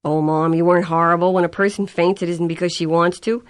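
A woman's voice: on the low side, steady tone, quick pace, natural voice. A woman voicing an anxious young girl. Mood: nervous.

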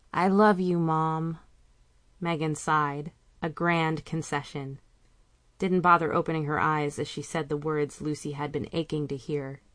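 Woman narrator, low voice, calm measured reading, dry close sound. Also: dry recording. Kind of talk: audiobook narration.

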